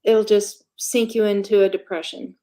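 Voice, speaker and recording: A woman telling her own story as an interview guest, candid and matter-of-fact, pausing often and filling gaps with ums. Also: medium pitch, level tone, mellow. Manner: halting, with frequent pauses and fillers. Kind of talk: casual conversational storytelling.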